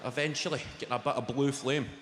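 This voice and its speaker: A man's voice: mid-range voice, steady tone, quick pace. A man with a Scottish accent doing a stand-up comedy set on stage at a large live venue, telling brash, profanity-laced stories and slipping into acted-out voices. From Scotland. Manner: sweary, brash storytelling that slips into acted-out voices. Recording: echoey hall with loud ambience.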